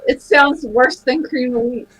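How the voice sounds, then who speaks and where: A woman's voice: high voice, measured pace, a bit bright, slightly rough, rough recording. A woman in a casual chat, talking easily and passing on what others in the room say. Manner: chatty, relays what others say, laughs often.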